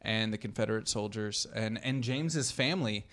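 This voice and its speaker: A man's voice: lowish voice, normal speed, fairly bright tone. A man in casual podcast chat, explaining history at length with many "uh"s and restarts. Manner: rambling explanations full of "uh" and restarts.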